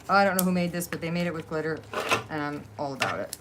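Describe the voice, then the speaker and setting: Over a noisy background, a middle-aged woman with a New Jersey accent rambles through casual livestream chat while crafting, laughing often in her low-pitched voice.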